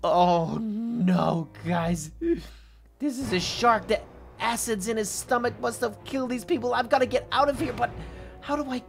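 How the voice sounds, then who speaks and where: A woman narrating a Minecraft adventure in first person as its host, excitable and stammering, often calling out to her viewers. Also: on the high side, normal speed, vocal fry. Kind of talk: first-person game role-play narration. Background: background music.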